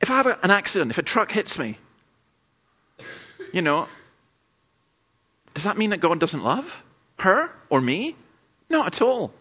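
A man preaches a sermon, telling his points through funny personal stories. His voice is bright and fairly high. The recording sounds dull and lo-fi. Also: sing-song, a little slow, pauses often, breathy edge. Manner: anecdotal, humorous storytelling. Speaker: pastor.

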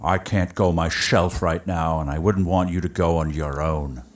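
A man's voice: deep voice, fairly even intonation, moderate pace, close to an everyday voice. An actor playing a grave adult man who secretly plots evil, speaking in an ominous manner.

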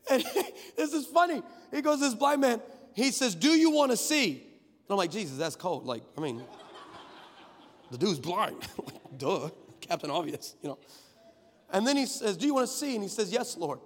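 A man preaching a sermon, telling Bible stories in an animated way with comic asides. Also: high-pitched, moderate pace, slight background noise. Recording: long hall reverb.

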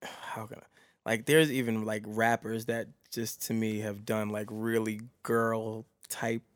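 Blunt, animated man, dry close sound. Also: lowish voice, unhurried, no room sound. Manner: animated, blunt, swears and laughs often. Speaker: podcast co-host. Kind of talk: casual chat.

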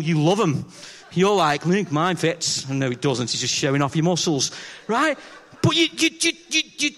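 A man's voice: a little high, fairly bright tone. A man preaching a chatty, humorous sermon in church, telling self-deprecating stories and acting out the dialogue as he questions the congregation.

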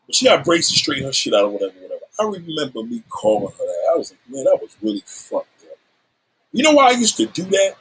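A man's voice: on the high side, huge pitch swings, fast, fairly bright tone, low-quality recording. A middle-aged man candidly telling a story from his past, swearing freely and acting out the lines he quotes. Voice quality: husky.

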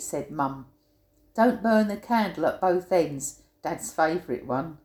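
A woman's voice: on the low side, sing-song, unhurried, warm tone. An older woman reading her own humorous rhyming poem aloud, giving quoted sayings a playful, punchy emphasis. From England. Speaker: poet. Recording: roomy echo.

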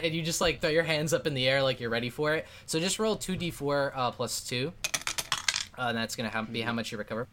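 A man's voice: mid-range voice, a bit bright. A man narrating a tabletop game as game master in a casual, rambling way with many fillers.

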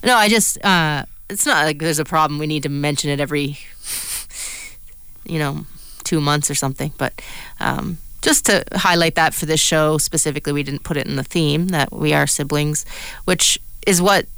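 A woman's voice: low voice, normal speed, a bit bright, smooth, no echo. A woman co-hosting a radio talk show, chatting casually with her brother and often trailing off mid-sentence. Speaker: radio co-host. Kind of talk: casual chat.

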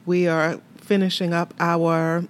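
A woman's voice: lowish voice, level tone, slow pace. A married woman in her fifties co-hosting a podcast with her husband, laughing easily and speaking earnestly. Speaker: podcast co-host. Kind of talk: casual chat.

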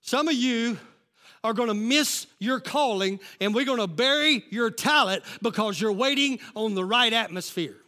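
A man preaching a sermon as lead pastor, calling out to the congregation and shouting rising lines. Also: extremely high pitch, normal speed.

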